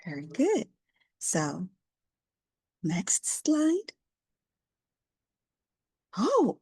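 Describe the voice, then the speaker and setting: A woman teaching an English lesson to a young learner, speaking slowly, repeating words and praising often. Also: lowish voice, sing-song, warm tone, husky, no echo, studio quality.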